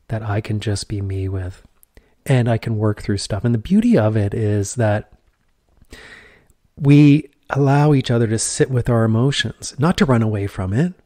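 A man's voice: fairly low pitch, warm tone, dry recording. A middle-aged man hosting a podcast, talking earnestly in a reflective monologue with repeated phrases and rhetorical questions. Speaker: podcast host.

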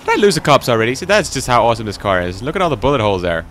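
A teenage boy giving rambling, excitable commentary while playing a video game. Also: medium pitch, racing, a little hiss or hum. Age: teens. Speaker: gaming channel host. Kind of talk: gameplay commentary.

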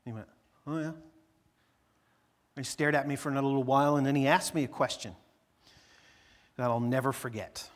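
A man's voice: mid-range voice, steady tone, quick pace, long reverb tail. A middle-aged man, a pastor telling a childhood story in a conversational sermon full of fillers and restarts. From Newfoundland, Canada.

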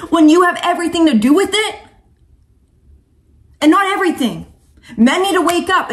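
A woman who coaches and vlogs delivers an impassioned, preachy monologue to camera, casual and slangy, calling viewers sweetheart and honey. Her voice sits high.

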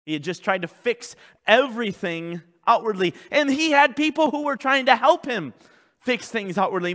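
High, bright-voiced preacher man in a reverberant hall. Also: expressive, normal speed. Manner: swings from loud shouting to low quiet delivery. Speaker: pastor. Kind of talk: sermon. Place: church sanctuary.

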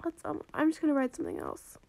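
A woman's voice: high-pitched, huge pitch swings, fast, creaky, dark tone. A young woman chatting casually as she commentates her own gameplay, bubbly and pleading by turns, joking at herself. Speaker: gaming vlogger.

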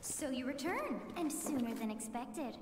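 A woman's voice: sits high, expressive, unhurried, slight background noise. A woman voicing a regal, mysterious ancient female deity in game trailer dialogue, speaking in a solemn, commanding way. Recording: long reverb in game trailer audio. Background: faint trailer music.

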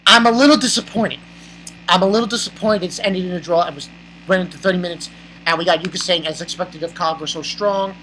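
Animated, bright-voiced manga reviewer. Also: medium pitch, fast, slight background noise, low-quality recording. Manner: animated and rambling, exclaiming and laughing. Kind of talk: casual excited chapter review.

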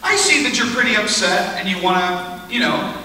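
Male preacher doing a swaggering, taunting prophet, offhand and bright, far off in a reverberant room. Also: high-pitched, lively intonation, normal speed, slight background noise, heavily acted. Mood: breezy. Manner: breezy, offhand, teasing. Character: bold, taunting male prophet, casual and cocky. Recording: echoey hall, speaker far from mic.

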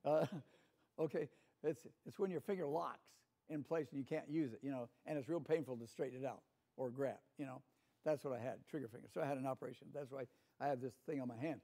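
A man's voice: mid-range voice, fast talker, warm tone. Older Southern man teaching Sunday school. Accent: Southern American. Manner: chatty, asks the room "Amen?", chuckles. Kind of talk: folksy Bible lesson. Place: church classroom.

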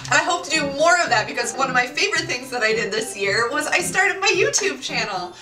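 A woman's voice: high voice, lively intonation, fast. A woman in her late twenties chatting casually to her viewers in a bubbly, exclamatory way. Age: 20s. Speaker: YouTuber. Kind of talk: casual chat to camera. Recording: roomy echo, far from the mic, music behind. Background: music.

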